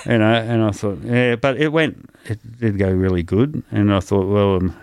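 An Australian man spins comic anecdotes in a relaxed interview, slipping into the voices of the people in his stories. His voice sits low with a gravelly edge. The recording is close and dry. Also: normal speed, no echo. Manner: animated anecdotes, acting out others' lines. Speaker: comedian guest. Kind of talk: casual storytelling interview.

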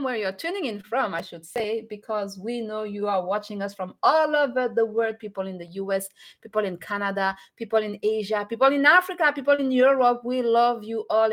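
A woman with a fairly high voice co-hosts a relaxed weekend morning stream. She is animated and playful, laughs easily and keeps turning to speak straight to the audience. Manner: animated, laughs often, addresses viewers directly. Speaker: co-host. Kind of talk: casual live-stream chat.

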